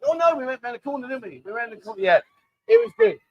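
A man's voice: very high-pitched, animated, very fast, no echo, muffled recording. A man hosting a casual livestream from a bar, hungover, rambling and joking as he reads out viewer comments. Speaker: livestream host. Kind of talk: casual chat. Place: bar, indoors, construction banging nearby. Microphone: microphone.

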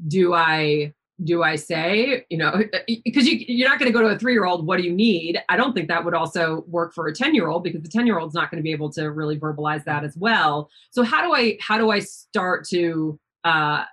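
A woman's voice: fairly low pitch, animated, a little fast, few pauses, a bit bright. A woman host in a conversational interview, asking thoughtful, searching questions and filling them with "you know". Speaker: podcast host.

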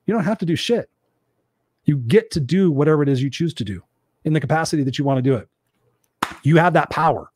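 A man's voice: fairly high pitch, lively intonation, quick pace, long pauses, darkish tone, husky. A man giving a blunt, profane motivational monologue, hammering his points home with rhetorical questions. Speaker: motivational speaker.

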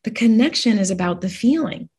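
A woman guest speaking frankly and warmly about grief, with easy laughter and dark humor. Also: mid-range voice, expressive, fairly quick, slightly rough. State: widowed. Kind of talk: candid conversation about grief.

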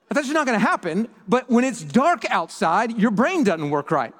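A man preaching a sermon, telling a story in an animated way with lots of restarts. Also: sits high, normal speed. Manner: animated storyteller, repeats words when excited. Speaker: pastor. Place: church hall. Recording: reverberant church hall.

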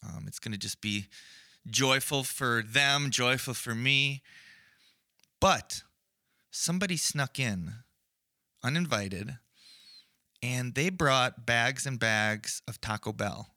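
A man's voice: medium pitch, slow pace, pauses often, bright, forceful tone, no echo, clean studio sound. A man co-hosting a casual faith podcast, earnestly building an analogy with frequent fillers and restarts. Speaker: podcast co-host.

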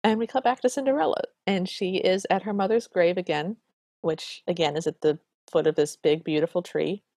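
Low-voiced, playful woman podcaster. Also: fairly even intonation, a little fast, a little mellow, no room sound, clean studio sound. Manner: enthusiastic, playful, theorizing. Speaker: podcast co-host. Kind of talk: casual chat recapping a film.

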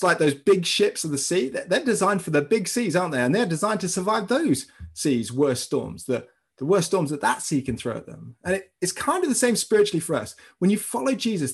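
A man preaching a sermon as pastor, telling a story in a lively way and speaking directly to his congregation. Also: fairly high pitch, husky. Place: church service streamed online.

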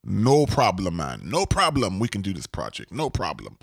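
A smooth-talking contractor with a Jamaican accent, as a man puts him on, dropping lower and softer than the speaker's own voice. He is breezy, overconfident and laid-back, waving every worry away, heard up close in a dry space with no room sound. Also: huge pitch swings, normal speed, dry recording, heavily acted. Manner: laid-back, repeats "no problem".

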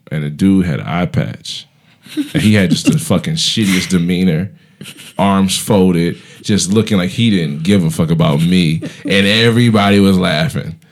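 Young comic guy, lowish voice, rambling swear-y stories, laughs a lot. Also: gravelly, a little mellow. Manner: loose, profane storytelling with laughs. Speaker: stand-up comedian. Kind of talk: casual chat.

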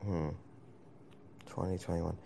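A man's voice: low voice, flat delivery, slow pace, gravelly, dark tone. A man hosting a casual online voice chat, asking questions and joking with a teasing manner. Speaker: host.

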